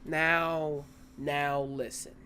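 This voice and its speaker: A man's voice: on the high side, level tone, drawn-out words, sharp tone, smooth. A man co-hosting a podcast in casual chat, blunt and sarcastic, swearing freely. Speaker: podcast co-host.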